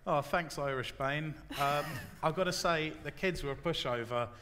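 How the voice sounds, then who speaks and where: A man's voice: fairly high pitch, normal speed, pushed and bright, a little hiss or hum. A man playing a bemused blokey hero. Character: bewildered young male hero, blokey. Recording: echoey hall at a live event.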